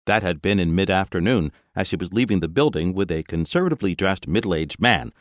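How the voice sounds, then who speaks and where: Brief: expressive male audiobook narrator, deep and animated, dry studio read. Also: a little fast, dry recording. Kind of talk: scripted narration.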